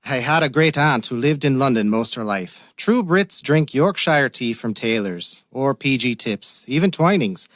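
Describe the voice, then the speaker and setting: An actor playing a shrewd, dry-witted male police detective in a radio drama, calm and probing. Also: medium pitch, measured pace, hardly any pauses, dry recording, natural voice. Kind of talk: radio theater acting.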